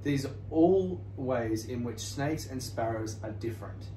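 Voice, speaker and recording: A man's voice: medium pitch, expressive, measured pace, mellow, reverberant, far from the mic, a little hiss or hum, lightly acted, poor audio. A man voicing a cheerful, clever young female sparrow in a read-aloud children's story. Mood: upbeat.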